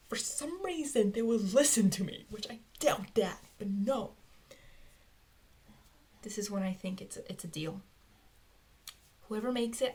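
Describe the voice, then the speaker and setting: A woman's voice: mid-range voice, darkish tone. A woman talking to herself as she works through a fan theory, rambling and often dropping into a whisper. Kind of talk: thinking aloud to herself. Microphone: close mic, recorded alone.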